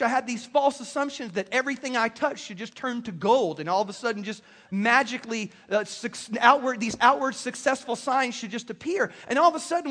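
A man preaching a sermon as pastor, emphatic and full of quick restarts, in a church. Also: very high voice, fairly bright tone. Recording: long reverb of a large hall.

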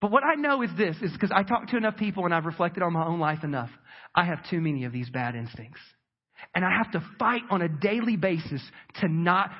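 High, husky-voiced preacher man. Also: lo-fi sound. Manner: conversational preaching, acts out quoted voices, repeats words. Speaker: pastor. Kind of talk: sermon.

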